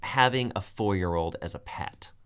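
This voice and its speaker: A man's voice: low-pitched, normal speed, a bit bright, smooth. A young man co-hosting a podcast, chatting casually and enthusiastically and jumping in with remarks. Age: young adult. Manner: enthusiastic, interjecting, laughs often. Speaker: podcast co-host. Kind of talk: casual chat.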